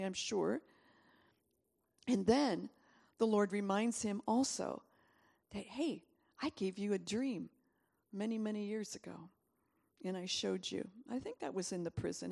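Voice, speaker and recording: A woman preaching a sermon, telling a story with lively asides and laughter. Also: medium pitch, moderate pace, gravelly. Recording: long hall reverb.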